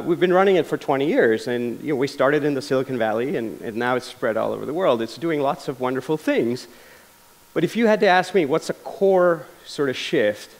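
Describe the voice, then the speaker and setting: A man giving a public lecture, telling stories earnestly, with frequent restarts and fillers. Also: mid-range voice. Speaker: lecture speaker. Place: lecture hall.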